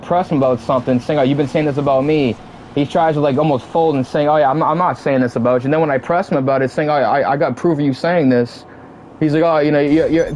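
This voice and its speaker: A man's voice: medium pitch, dark tone, muffled recording, slight background noise. A young man in his twenties venting casually to his stream chat, heated and profane, repeating himself as he talks. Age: 20s. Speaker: livestream gamer.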